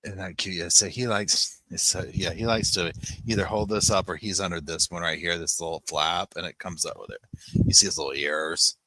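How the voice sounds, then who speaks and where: A man hosting a casual livestream at home, chatting loosely and cooing softly to his puppies. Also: sits low, steady tone, normal speed, no room sound. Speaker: livestream host.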